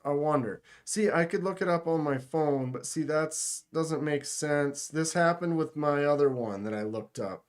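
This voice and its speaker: A man's voice: fairly high pitch, unhurried, few pauses. Joking man hosting a casual livestream. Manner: joking, sarcastic, talks to chat. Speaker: livestream host.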